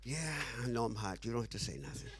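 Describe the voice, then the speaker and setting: A man's voice: mid-range voice, big pitch swings, fast talker, crowd noise, noisy background. A man being interviewed who tells a story with animation, acting out the dialogue and laughing often. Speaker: interview guest.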